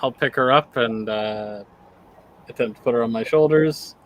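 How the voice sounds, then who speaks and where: A man's voice: medium pitch, moderate pace, a little hiss or hum. A man playing a tabletop game, laughing often and putting on formal phrasing for his character. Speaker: tabletop player. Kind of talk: casual play chat.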